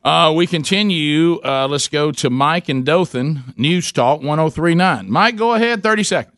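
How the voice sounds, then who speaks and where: A man's voice: on the high side, expressive, fairly bright tone, no room sound. Southern man hosting call-in radio. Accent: Southern American. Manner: jokey, easygoing, quick to laugh. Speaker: radio talk show host. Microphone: studio microphone.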